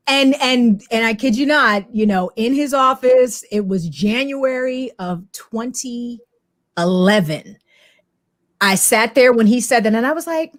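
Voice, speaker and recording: A middle-aged woman guest telling her career story in an animated way, acting out the voices in her anecdotes. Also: on the high side, measured pace, dry recording, clean studio sound. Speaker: guest, technology media expert. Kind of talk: storytelling interview talk.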